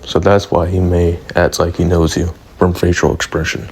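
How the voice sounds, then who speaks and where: A man voicing a calm, easygoing old grandfather, reading the lines plainly within his narration. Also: sits low, moderate pace, a little hiss or hum.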